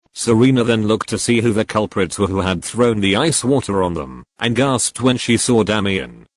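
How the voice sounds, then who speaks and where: A man narrating a fan-fiction story in a steady, even reading voice. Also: on the low side, dry recording. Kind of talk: audiobook-style story narration.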